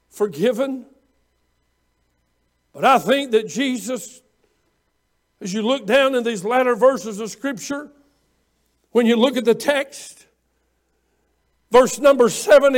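A man preaching a sermon, fervent, with rising shouts and frequent "uh" fillers. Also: extremely high pitch.

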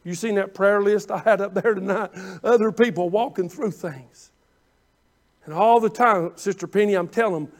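A man preaching a folksy sermon, moving from quiet talk to loud, shouted exhortation. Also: sits high, moderate pace. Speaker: pastor.

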